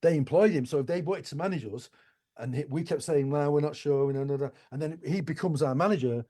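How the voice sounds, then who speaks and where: A man in his sixties tells stories from his music career in an interview. He talks in an animated way, swears casually and acts out what other people said. His voice sits a little high for a man. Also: fast. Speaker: musician guest. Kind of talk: anecdotal interview storytelling.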